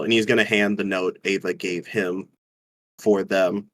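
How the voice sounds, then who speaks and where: A man playing a tabletop game, describing his character thoughtfully with many pauses and fillers. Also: deep voice, steady tone, fairly bright tone, slight background noise. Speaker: player.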